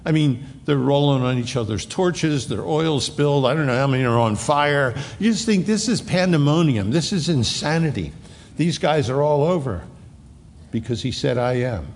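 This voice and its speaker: A middle-aged man preaching a verse-by-verse sermon, reading scripture slowly and explaining it emphatically. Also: medium pitch, lively intonation, vocal fry, big-room sound, a little hiss or hum. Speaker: pastor. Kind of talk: verse-by-verse Bible teaching sermon.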